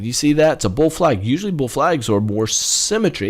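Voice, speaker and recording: Animated man walking through stock charts. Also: medium pitch, a little fast, few pauses. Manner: animated, punctuates moves with sound effects. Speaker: trading educator. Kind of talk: chart walkthrough lesson.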